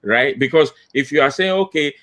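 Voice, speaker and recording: A man's voice: medium pitch, moderate pace, a bit bright. A man speaking as a guest consultant on a panel, emphatic and repetitive with hesitant fillers. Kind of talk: panel discussion.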